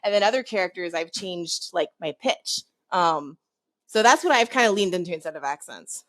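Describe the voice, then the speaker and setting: A woman's voice: fairly low pitch, lively intonation, normal speed, no echo. A woman from the Southern United States with a Northern US accent, co-hosting a podcast in rambling, casual chat and swearing freely. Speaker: podcast co-host.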